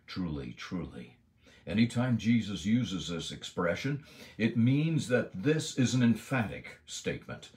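A man's voice: lowish voice, big pitch swings, unhurried, darkish tone. A man giving an earnest devotional Bible lesson, stressing key words with emphasis. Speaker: Bible teacher.

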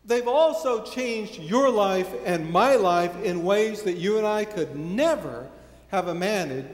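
A man's voice: high-pitched, lively intonation, slow pace. A man in his sixties, a pastor preaching a sermon in a church, reading scripture, praying and quizzing his congregation. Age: 60s. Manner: reads scripture, then leads prayer and quizzes the congregation. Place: church sanctuary. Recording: echoey church hall from far off.

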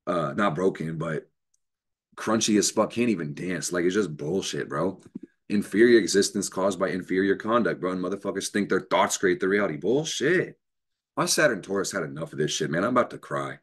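A man's voice: deep voice, a little fast, husky. A man hosting an astrology show, giving an unscripted motivational talk, emphatic and profane, with bursts of laughter.

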